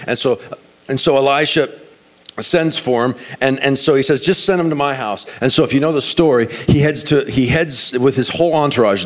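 A man preaching a sermon, retelling a scripture story with many restarts and acting out the characters' lines. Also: medium pitch.

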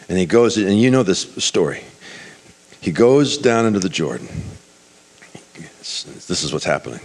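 A man's voice: on the low side, expressive, measured pace, pauses often. A man preaching a sermon, retelling a scripture story with many restarts and acting out the characters' lines.

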